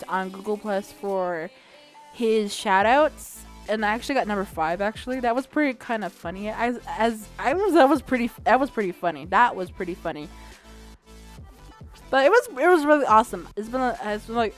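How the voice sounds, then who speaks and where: A young woman talks casually to her gaming audience, rambling along with plenty of "um"s and quick self-corrections. Her voice sits at a middling pitch for a woman, and faint music plays underneath. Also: animated. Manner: rambling and chatty, with many fillers and self-corrections; swears casually. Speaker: gaming channel host. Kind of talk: casual vlog chat.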